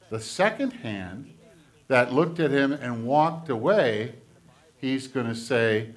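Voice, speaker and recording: Gentle pastor giving a children's sermon. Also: male voice, mid-range voice, slow. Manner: gentle and animated, speaking to kids. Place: church sanctuary.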